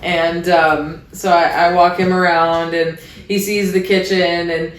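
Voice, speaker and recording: A woman's voice: lowish voice, level tone, unhurried. A woman from Iowa hosting a podcast, telling a candid story in a chatty, casual way with wry asides. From Iowa, USA. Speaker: podcast host. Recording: roomy echo.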